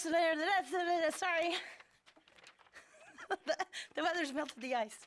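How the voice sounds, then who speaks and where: A woman hosting a game stream who laughs off her own slip-ups. Her voice sits high and light. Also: drawn-out words, fairly bright tone, a little hiss or hum. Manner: laughing, self-deprecating. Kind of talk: casual stream chat.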